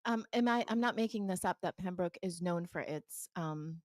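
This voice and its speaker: A woman's voice: on the low side, moderate pace, a little mellow, dry recording, studio quality. A woman co-hosting a real estate show, reading lists of names and stumbling now and then. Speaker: real estate podcast co-host. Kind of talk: casual chat.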